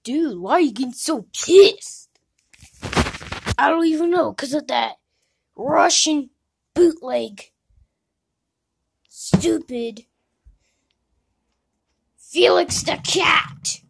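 Woman, high voice, gravelly, slow, comic voice-over, mumbles then shouts. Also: animated, slight background noise. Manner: jumps between mumbled asides and shouted outbursts. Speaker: narrator and voice actor of a fan animation. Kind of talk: comedic fan-animation voice-over.

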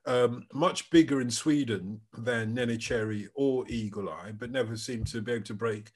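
Husky man telling stories. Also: medium pitch, moderate pace. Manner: animated anecdotal storyteller, restarts sentences. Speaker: podcast co-host. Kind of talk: casual chat.

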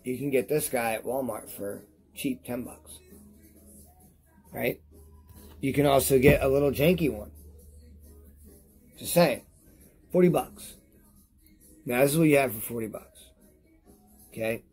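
A man reviewing products on his vlog in a rambling, profane rant to camera while he is high, repeating himself as he talks. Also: unhurried, long pauses, a little mellow, breathy edge, soft background music.

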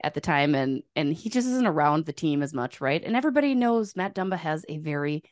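A woman's voice: sits low, big pitch swings, moderate pace, no room sound, studio quality. A woman co-hosting a podcast in casual chat, teasing and laughing as she tells stories. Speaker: podcast co-host.

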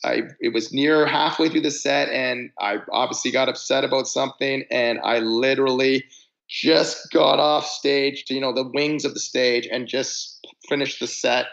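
A gravelly-voiced man in his forties tells a tour story in a loose, rambling way. He restarts sentences and stretches words for emphasis. The audio sounds a little dull and lo-fi. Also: mid-range voice, fairly even intonation, moderate pace, a bit bright. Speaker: podcast guest, musician. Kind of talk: casual chat, storytelling.

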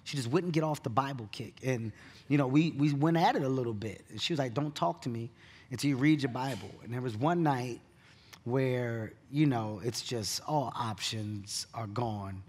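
A man who is a comedian, telling stories in an onstage keynote interview with animated delivery and bursts of laughter. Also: medium pitch, normal speed. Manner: animated storyteller, laughs at his own story. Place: conference stage.

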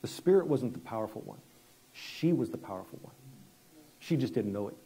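Conversational guest pastor, mellow husky voice. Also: male voice, on the low side, animated, a little fast. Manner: conversational, repeats words and restarts, drops quiet for dramatic story moments. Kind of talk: sermon with storytelling.

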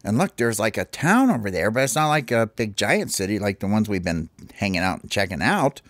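A man's voice: lowish voice, sing-song, fairly bright tone, no echo. Man voicing easygoing young skateboarding birds, casual rambling talk, close dry sound. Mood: puzzled. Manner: casual, drawn-out, full of "like".

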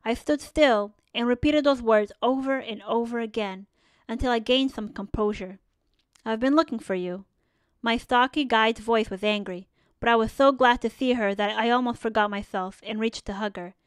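A woman reads a first-person memoir aloud with earnest, measured storytelling. Her voice is smooth and a touch higher than most, captured close on a studio mic with a dry, dead sound. The pacing stays even and deliberate throughout. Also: no room sound. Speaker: audiobook narrator.

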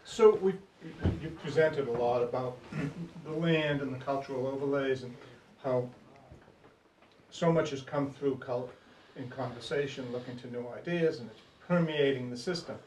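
A man's voice: mid-range voice, normal speed, a little mellow, a little hiss or hum. A man from the audience asking a thoughtful, rambling question. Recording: distant in an echoey room.

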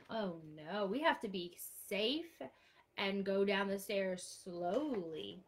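A woman's voice: mid-range voice, lively intonation, slow. A woman librarian holding an online storytime for young children, reading aloud and singing with a sing-song, exclaiming manner.

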